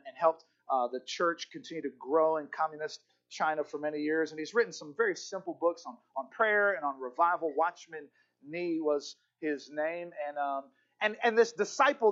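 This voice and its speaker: A man's voice: on the high side, a bit bright. A male pastor preaching a sermon with emphatic repetition and occasional stammered restarts. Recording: dull lo-fi recording.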